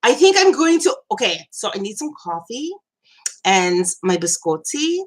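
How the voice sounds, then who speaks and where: Bright, lively woman host ranting. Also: high-pitched, a little slow. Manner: animated, laughing, ranting with profanity. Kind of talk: casual live chat.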